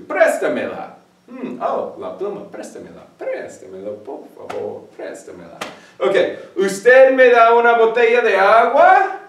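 A man teaches Spanish commands in a playful, joking way, his pitch swinging widely as he explains. He is recorded from a distance in an echoey room. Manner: playful, jokey, animated asides. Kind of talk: classroom video lesson.

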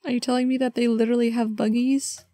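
A woman's voice: fairly high pitch, level tone, fast talker, dark tone. A woman guesting on a podcast, chatting in a playful, upbeat way. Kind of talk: casual podcast chat.

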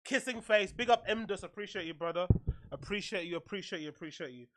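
A man hosting a live reaction stream, rowdy and excitable, laughing often and swearing. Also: high-pitched, a little fast.

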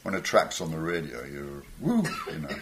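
This older musician, a stage guest, has a rumbling low voice that's a bit bright, and he talks briskly. Amid slight background noise, he tells rambling anecdotes, chuckling and putting on voices.

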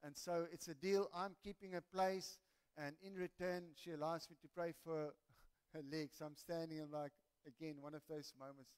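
A man telling a lively testimony as a preacher in a church sermon, building to excited shouts. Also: a little high, moderate pace, clean tone. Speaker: pastor.

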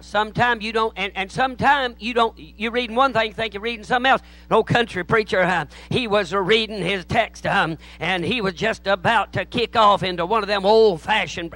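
A man's voice: sits high, pushed and bright, rough recording. A man preaching a sermon in a church, telling folksy stories. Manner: folksy joke-telling, acts out voices in anecdotes. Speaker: pastor.

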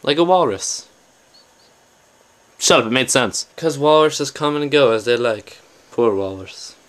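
A man's voice: medium pitch, unhurried, a bit bright. A young man rambling to his camera in a casual bedroom vlog, jumping between topics and mocking himself. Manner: jumpy, self-mocking, talks straight to the camera. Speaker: vlogger.

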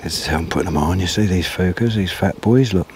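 Very deep-voiced man fishing outdoors. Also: quick pace. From England. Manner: chatty, talks to the fish and the viewer, sometimes whispers. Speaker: angler vlogger. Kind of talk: casual running commentary while fishing. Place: outdoors at a lakeside. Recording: loud outdoor background noise. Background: loud outdoor noise, a dog barking.

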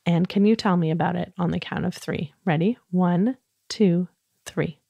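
Soft mellow lady doing a kids bedtime wind-down, dry close sound, faint music under. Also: on the low side, normal speed, vocal fry, breathy edge, dry recording, muffled recording. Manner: gentle, soothing, encouraging. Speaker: host of a children's podcast. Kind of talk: bedtime guided talk for children.

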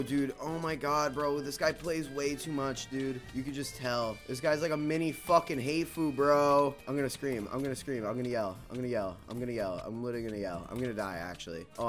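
A young man giving frustrated, swearing commentary over his own gameplay and repeating himself a lot. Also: on the low side. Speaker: gaming video creator.

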